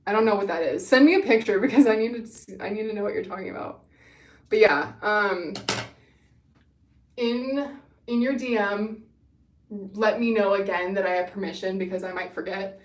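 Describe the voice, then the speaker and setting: A woman's voice: mid-range voice, normal speed, pauses often, recorded from a distance. A young woman hosting a casual livestream, bubbly and gushing as she chats with viewers, a little winded. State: winded from running. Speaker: livestream host. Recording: echoey room, away from the mic.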